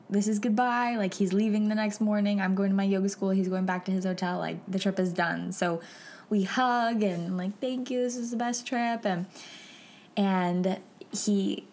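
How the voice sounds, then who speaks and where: A woman with a mid-range voice tells a personal story to her podcast listeners. She is chatty and casual, leans on "like" as she talks, and her delivery is emotional and animated throughout. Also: mid-range voice. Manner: emotional and animated, addresses listeners as "you guys"; casual and chatty, with frequent "like" fillers. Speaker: podcast host.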